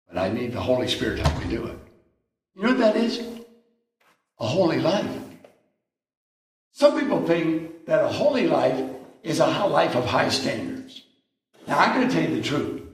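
Emphatic preaching man, echoey room. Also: medium pitch. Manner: emphatic, conversational preaching with rising exclamations. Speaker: pastor. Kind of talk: sermon.

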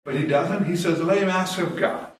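A man's voice: high-pitched, normal speed. A middle-aged male pastor preaching a sermon, telling folksy stories and chuckling at his own jokes. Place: church sanctuary. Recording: very echoey church from a distance. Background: congregation responses.

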